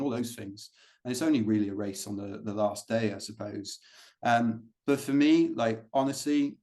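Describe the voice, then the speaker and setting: A man's voice: on the low side, a little mellow. Chatty British man telling running stories. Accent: British English. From Britain. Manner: rambling storytelling with many fillers. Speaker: guest, ultrarunner. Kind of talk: casual interview chat.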